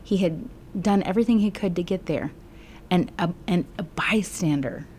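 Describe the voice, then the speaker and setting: A middle-aged woman Bible teacher telling a gospel story slowly and earnestly, often sinking into a whisper. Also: lowish voice, darkish tone, slight background noise. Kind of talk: emotional Bible storytelling lesson.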